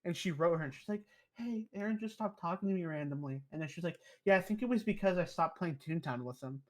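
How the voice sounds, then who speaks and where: A man's voice: on the high side, fast talker. A young man, a podcast guest, telling rambling stories in casual, profane chat. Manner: profane, rambling, animated storyteller.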